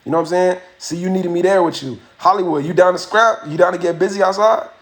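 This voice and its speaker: A man's voice: sits high, quick pace. A man hosting a livestream, telling a story casually and animatedly, full of profanity and acted-out quotes. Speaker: livestream host. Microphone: phone or webcam mic.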